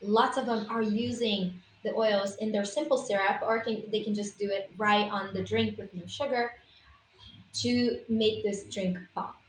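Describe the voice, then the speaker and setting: A woman's voice: mid-range voice, steady tone, a little slow, a little hiss or hum. Emphatic woman in an echoey room. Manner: persuasive, emphatic, informal. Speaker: essential oils educator. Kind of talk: casual livestream chat.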